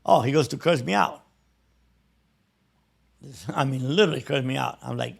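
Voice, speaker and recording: A man's voice: mid-range voice, normal speed, gravelly. A man in his sixties with a Cuban-American accent, telling stories from his life in a casual interview and acting out the other people in them. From Cuba. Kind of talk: casual storytelling.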